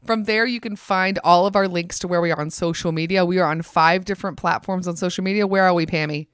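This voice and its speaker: A woman's voice: lowish voice, fairly even intonation, fast, fairly bright tone, clear, resonant tone, no room sound, clean studio sound. A woman co-hosting a chatty podcast, upbeat and giggly as she quizzes her co-host. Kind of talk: casual podcast chat.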